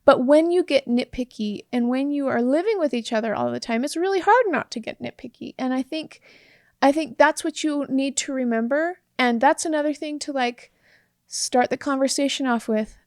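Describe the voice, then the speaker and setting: High-voiced chatty woman podcaster. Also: moderate pace, no echo, studio quality. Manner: animated, laughs often, acts out sample phrases. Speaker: podcast co-host. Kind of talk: casual chat.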